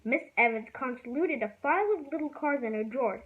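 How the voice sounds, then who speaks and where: A woman's voice: high voice, fairly quick, hardly any pauses. Woman reading a storybook, tinny sound. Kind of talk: reading a children's book aloud.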